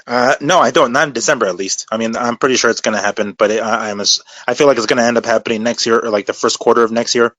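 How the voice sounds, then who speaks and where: Fast-talking profane male co-host. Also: mid-range voice, steady tone, fairly bright tone, no room sound. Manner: rambling, profane, with many fillers. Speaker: podcast co-host. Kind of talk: casual boxing chat.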